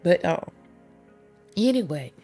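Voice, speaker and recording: A podcast host and life coach recounts her personal story, heartfelt and candid, with homespun sayings and flashes of emotion. Her lowish, mellow voice is very animated yet slow, and soft music plays in the background.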